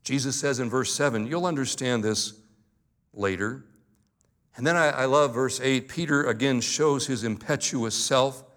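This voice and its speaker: Man, pastor, sermon, earnest, emphatic, slows for emphasis, middle pitch. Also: a bit bright. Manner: earnest and emphatic, slowing down to stress key words.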